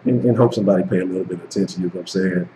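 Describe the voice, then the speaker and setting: A man's voice: low-pitched, rapid-fire, dark tone. A man hosting a sports live stream, taunting rival fans in a profane, repetitive rant. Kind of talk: heated casual rant at trolls. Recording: echoey room with faint noise.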